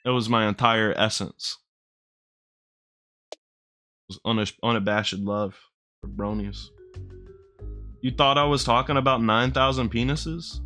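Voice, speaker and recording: A man's voice: mid-range voice, fairly even intonation, a little slow, pauses often, sharp tone, soft background music. A man casually commenting while playing a video game, rambling, joking and swearing as he answers his chat. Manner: rambling, profane, jokey, talks to chat. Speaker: gaming streamer. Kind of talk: casual let's-play commentary.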